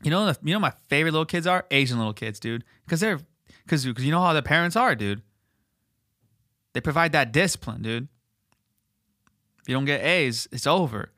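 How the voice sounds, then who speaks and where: A man hosting a podcast in casual, rambling chat, swearing heavily and animated. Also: on the high side, a little fast, long pauses, dry recording, clean studio sound. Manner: profane, rambling, animated, filler words. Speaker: podcast host.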